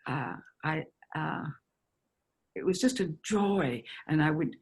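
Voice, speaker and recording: A woman in her nineties, an actress reminiscing in a chatty, halting way over a video call. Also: sits low, expressive, husky. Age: 90s. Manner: chatty, halting with restarts and laughter. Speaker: actress guest. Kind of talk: casual interview reminiscing.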